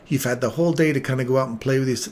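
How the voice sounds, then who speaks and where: A man's voice: mid-range voice, racing, darkish tone, slight background noise. A man hosting a live trading stream, chatting casually and joking with viewers by name.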